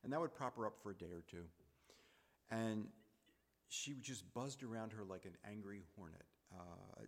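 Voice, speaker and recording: A man telling a personal story in a reflective, halting way, repeating phrases as he goes. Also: fairly low pitch, big-room sound.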